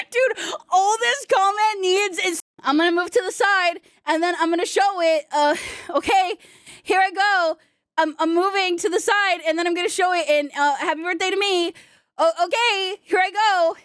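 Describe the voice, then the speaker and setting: A young woman streaming, chatting casually in a rambling, excitable way and often dissolving into laughter. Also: extremely high pitch, moderate pace, no room sound, clean studio sound. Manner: giggly, rambling and excitable, breaks into laughing shrieks. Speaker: VTuber streamer.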